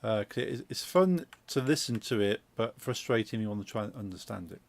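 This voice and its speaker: Midlands man, stream host, gravelly, rambling explainer, dry close mic. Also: lowish voice, expressive, fairly quick, dry recording. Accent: English Midlands. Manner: rambling, explanatory, many fillers and restarts. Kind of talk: casual chat while gaming.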